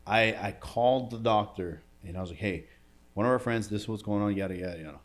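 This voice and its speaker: Low-pitched male entrepreneur guest, casual slangy storyteller, gets quiet and emotional. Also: quick pace. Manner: casual slangy talk, says bro and dude. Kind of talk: storytelling in a podcast interview.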